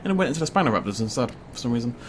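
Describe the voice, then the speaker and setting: A man's voice: medium pitch, sing-song, rapid-fire, slight background noise. A young man from Wales, hosting a casual let's-play, rambling and joking with frequent laughs. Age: young adult. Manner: rambling and jokey, laughs often. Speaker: gaming video host.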